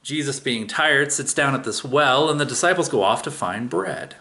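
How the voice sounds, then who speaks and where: Man, preacher, sermon, casual storytelling, animated pitch, everyday asides. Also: moderate pace. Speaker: pastor.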